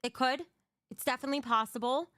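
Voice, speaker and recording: Brief: young woman streamer, fairly high smooth voice, blunt and emotional, reads and answers chat live, swears a lot. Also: fairly even intonation, fast, fairly bright tone, no room sound, clean studio sound. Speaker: livestream host. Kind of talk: casual livestream chat.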